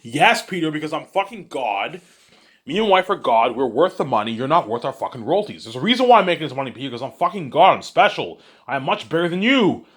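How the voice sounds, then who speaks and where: A man's voice: fairly high pitch, very animated, quick pace, fairly bright tone. A man rambling in a casual monologue, repetitive and boastful. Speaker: monologue host.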